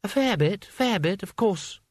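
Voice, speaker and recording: A man's voice: high voice, expressive, measured pace, no room sound, voice pushed up. Man playing a chatty old monk, placid, pleasant, audiobook, dry close sound. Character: old, tiny, cheerful reincarnating monk.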